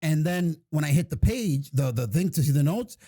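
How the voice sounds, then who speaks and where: A man co-hosting a podcast in casual chat, relaxed and agreeable, chuckling along. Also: on the high side, normal speed, husky. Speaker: podcast co-host.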